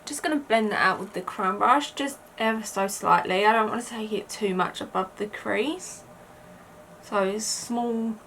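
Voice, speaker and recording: Young british girl doing a makeup tutorial, bright voice, chatty and rambly, a bit of hiss. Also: medium pitch. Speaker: beauty vlogger.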